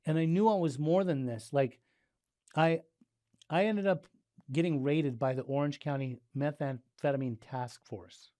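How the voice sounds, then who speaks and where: A middle-aged man from Southern California, a guest in a casual interview, telling his story with animated delivery and acting out the dialogue. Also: on the high side, a little slow, no room sound. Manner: animated, acts out dialogue, frequent "like" and restarts.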